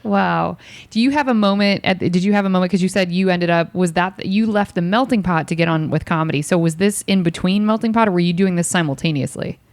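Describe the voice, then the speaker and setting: A woman hosting a podcast in casual chat, laughing often and asking quick questions. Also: on the low side, dry recording. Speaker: podcast host.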